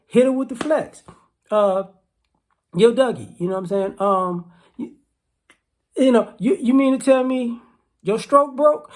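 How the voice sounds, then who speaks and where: A woman with a fairly high voice talks to camera in a loose, rambling vlog. She teases her listeners and circles back over the same phrases again and again. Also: darkish tone. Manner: teasing, rambling, repeats itself. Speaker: vlogger. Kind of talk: casual commentary.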